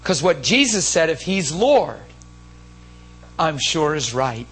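A man's voice: fairly high pitch, very animated, slow pace, fairly bright tone, soft background music, poor audio. A man preaching a sermon in an emotional, emphatic storytelling manner. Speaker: pastor.

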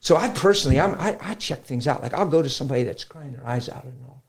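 A middle-aged man, a pastor, talking about faith in a lively conversational preaching style, acting out quotes as he tells stories. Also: mid-range voice, fast, slightly rough. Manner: animated storytelling, acts out quotes. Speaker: pastor guest.

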